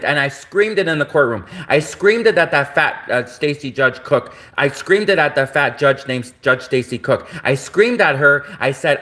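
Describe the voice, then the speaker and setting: A man's voice: a little high, expressive, moderate pace, hardly any pauses, bright, forceful tone. A man from Canada on a livestream, ranting in an agitated, repetitive, accusatory way. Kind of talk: livestream rant.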